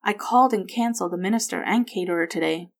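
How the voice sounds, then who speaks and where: A woman voicing a tearful young mother who talks in halting, broken phrases. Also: medium pitch, close to an everyday voice. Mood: strained. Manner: hesitant, halting.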